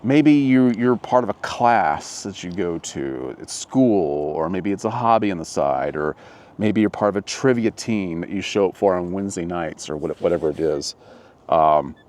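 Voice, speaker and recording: Low, lively-voiced man musing outdoors. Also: normal speed. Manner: musing, rambling, with frequent restarts. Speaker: motivational vlogger. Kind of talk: casual reflective monologue.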